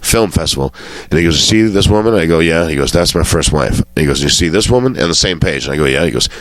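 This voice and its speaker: A man's voice: very deep voice, animated, fast, fairly bright tone, no room sound. A comedian guest telling casual anecdotes, swearing freely and acting out the lines of people in his stories. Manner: swearing storyteller who acts out quotes.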